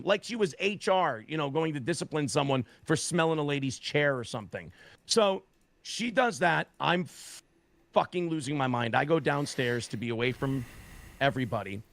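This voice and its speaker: A man tells his story as an interview guest. His pitch rises and falls a lot as he acts out what others said, with plenty of swearing. His voice has a gravelly edge, and the sound is close and dry. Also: normal speed, no echo. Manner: profane, animated retelling with voiced quotes.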